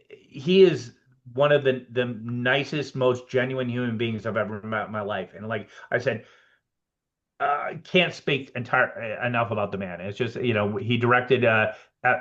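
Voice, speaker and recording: A man in a casual podcast interview tells stories in a lively way, often acting out what each person said. His voice sits at an ordinary middle pitch. The recording is slightly dull and lo-fi. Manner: animated anecdotes, reenacts conversations with "I'm like". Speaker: guest, production designer.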